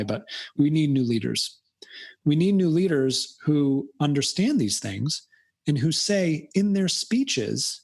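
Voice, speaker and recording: A man's voice: medium pitch, slightly rough. An American man talking as a podcast guest in a casual, long-winded way, acting out imagined quotes. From United States. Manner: animated, acts out quoted voices, long-winded. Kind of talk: casual conversational interview. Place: Fairfield County, Connecticut.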